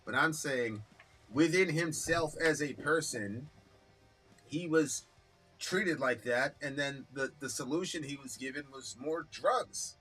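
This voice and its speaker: A man with a bright, sharp-edged voice that sits a little high, co-hosting a live stream. He talks bluntly and swears freely, acting out the voices in his stories. Faint music plays underneath. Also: slow, breathy edge. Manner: blunt, profane, animated storytelling. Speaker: co-host of a live reaction stream. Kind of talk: casual heated discussion.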